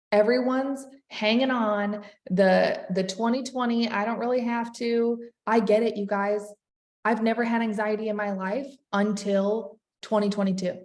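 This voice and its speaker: A woman leading a sales team, giving an energetic motivational talk and calling her listeners "you guys". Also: medium pitch, echoey room. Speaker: network marketing team leader.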